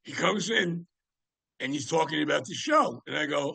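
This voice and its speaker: Gravelly older man telling rambling stories. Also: a little high, animated, normal speed, bright, forceful tone, dry recording. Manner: rambling, with many fillers and restarts. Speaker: guest, music writer. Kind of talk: casual anecdotal storytelling.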